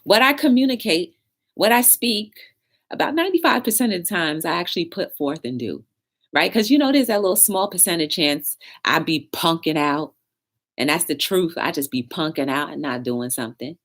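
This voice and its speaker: A young woman hosts a casual live talk show in a low voice. She speaks in a chatty, preachy way and answers viewers' comments as she goes. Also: animated, normal speed, fairly bright tone.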